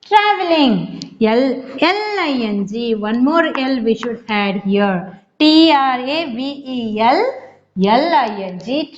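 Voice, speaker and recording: A woman teacher with an Indian English accent speaks high and slow, her voice rising and falling widely. She spells words out letter by letter and keeps addressing the children. The recording sounds dull and lo-fi. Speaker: primary school teacher. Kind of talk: classroom revision lesson.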